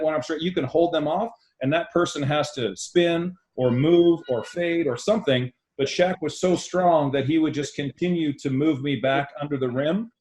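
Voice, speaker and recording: A middle-aged man, a podcast guest, telling animated stories and acting out quoted dialogue. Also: on the high side. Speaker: guest, former basketball player. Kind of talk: storytelling in a podcast interview.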